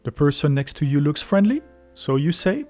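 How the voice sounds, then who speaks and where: A man narrates a travel video from a script, lively and explanatory, over faint background music. He speaks at a moderate pace with a fairly high pitch.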